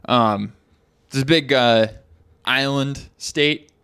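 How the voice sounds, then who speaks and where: Guy hosting a chill podcast, kinda hesitant, mid-pitch, dry room. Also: takes it slowly, fairly bright tone, smooth, no echo. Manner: hesitant, many restarts and fillers. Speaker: podcast host. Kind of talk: casual chat.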